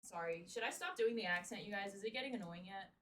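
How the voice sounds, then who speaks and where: A woman's voice: mid-range voice, fast talker, fairly bright tone. A young woman streaming live, chatting casually while she wraps gifts. She swears freely and laughs often. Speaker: livestreamer. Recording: roomy sound from a distance.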